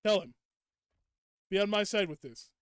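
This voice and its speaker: A young man with a fairly high, smooth voice chats casually while streaming a game. He rants at his viewers in playful, mock-indignant bursts. The sound is close and dry, with almost no room around it. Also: animated, normal speed, no room sound. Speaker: gaming streamer. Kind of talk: casual live gameplay chat.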